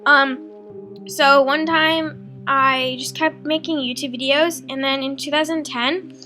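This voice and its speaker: A teenage girl narrates her life story over a drawing video, with a high, bright voice. She talks in a loose, chatty way full of likes and ums and plays out her own old quotes. Faint music runs underneath. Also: steady tone, a little slow. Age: teens. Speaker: beauty vlogger.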